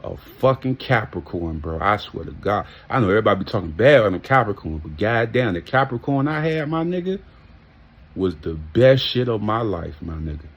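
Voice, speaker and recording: A man's voice: on the low side, very animated, moderate pace. A man telling a casual, heartfelt story, emphatic and full of street slang and profanity. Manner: heartfelt and reminiscing. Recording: muffled lo-fi audio.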